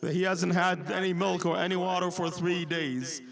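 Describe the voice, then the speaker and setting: A man with a fairly high voice preaches an emotional mourning sermon in an Islamic centre hall. He tells the story with feeling and breaks into chanted Arabic lines. A gathered crowd can be heard around him. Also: steady tone, moderate pace, gravelly.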